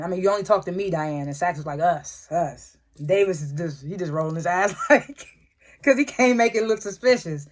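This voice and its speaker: Casual chatty TV recap reviewer. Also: medium pitch. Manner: loose storytelling, lots of "like" and "was like" retellings; frequent throat clearing and chuckles. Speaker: TV episode reviewer.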